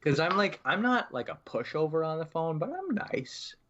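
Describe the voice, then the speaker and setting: A man's voice: on the high side, big pitch swings, normal speed, fairly bright tone, lo-fi sound, a little hiss or hum. A man co-hosting a podcast, chatting casually and acting out his phone calls as he tells a story. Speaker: podcast co-host. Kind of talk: casual chat.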